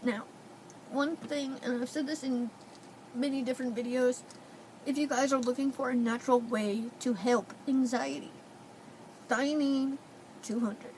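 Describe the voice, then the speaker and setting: A woman's voice: high-pitched, fairly even intonation, measured pace, pauses often, a little mellow, slight background noise, poor audio. A young woman vlogging at home, crying and sniffling as she talks in a tearful, pleading way. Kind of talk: emotional personal vlog. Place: indoors at home.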